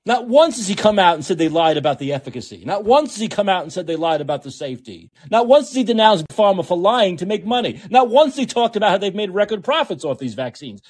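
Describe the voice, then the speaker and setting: A man hosting a talk show delivers a heated, profane rant in a husky voice. His pitch climbs and swings widely as he hammers the same points over and over. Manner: heated, profane, repetitive ranting. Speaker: podcast host. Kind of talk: ranting political commentary.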